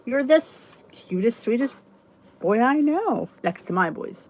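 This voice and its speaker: A woman's voice: high voice, big pitch swings, a little slow, a bit bright. Chatty woman greeting live viewers. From United States. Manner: chatty, greets viewers by name, rambling asides. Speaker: livestream host. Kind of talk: casual chat with live viewers.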